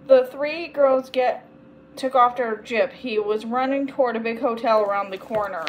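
A woman reading a children's chapter book aloud, steady with small slips and corrections. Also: fairly high pitch, moderate pace, dull audio, a little hiss or hum. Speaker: storyteller.

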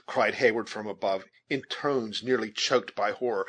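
A man reading a classic adventure novel aloud as an audiobook narrator, in a measured, dramatic reading. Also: on the low side, fairly bright tone, husky.

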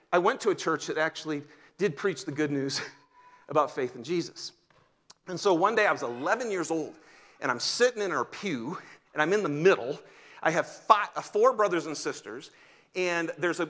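A man preaching a sermon in a church, telling stories from his own life with swings between loud bursts and hushed, tender passages. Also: on the high side. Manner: animated storytelling, drops to near-whisper in tender moments. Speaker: guest pastor. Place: church sanctuary.

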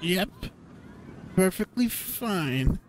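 A man's voice: mid-range voice, sing-song, extremely slow, fairly bright tone, a little hiss or hum, pitched above the performer's own voice, heavily acted. A man voicing an anxious young clawed furry man who stammers and panics, scared of a roller coaster. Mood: nervous.

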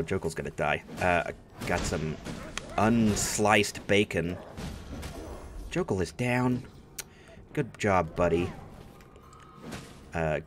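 A man giving casual, playful gameplay commentary, making silly noises and joking at his own expense. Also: low-pitched. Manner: playful, goofy, makes silly noises and jokes at himself. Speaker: let's play gamer.

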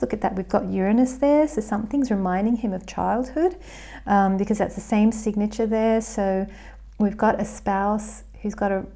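Gravelly Australian woman chatting astrology. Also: mid-range voice, dark tone. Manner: chatty, thinking aloud with restarts. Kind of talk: casual astrology commentary to camera.

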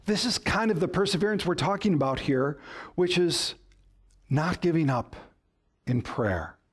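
A man pastor giving a sermon in a conversational, storytelling way, with humor and questions to the congregation. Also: on the high side.

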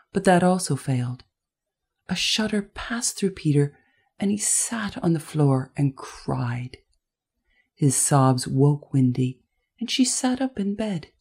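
A woman narrating a classic children's story in a gentle, expressive way. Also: deep voice, slightly rough. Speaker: audiobook narrator. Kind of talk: scripted narration.

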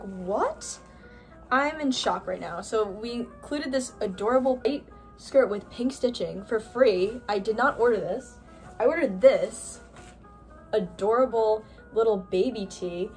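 A young woman filming an unboxing haul vlog, gushing and gasping with excitement over each item. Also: fairly high pitch, normal speed, faint music behind. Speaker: vlogger.

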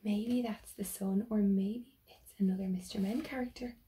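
A woman teacher reading a picture book aloud to children, slowly and gently, and stopping to ask them questions. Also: mid-range voice, fairly even intonation.

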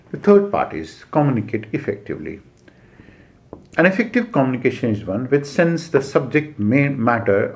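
A man with an Indian English accent lecturing as an exam coach, giving numbered points with frequent "uh" pauses and repeated key phrases. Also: medium pitch. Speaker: civil service exam coach. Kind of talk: classroom lecture.

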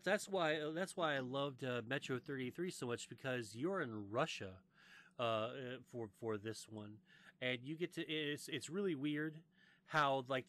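A man from the United States hosts a loose gaming podcast. His pitch sits in the middle of the usual male range, and his talk is rambling and profane, full of restarts and "uh"s. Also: a bit bright. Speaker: podcast host. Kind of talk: casual gaming podcast chat.

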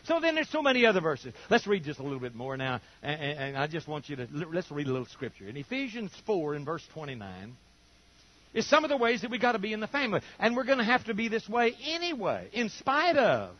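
A man's voice: high voice, fast talker. An older man preaching a sermon, telling stories and acting out the voices of the people in them. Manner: animated storytelling, acting out quoted voices. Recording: dull lo-fi recording.

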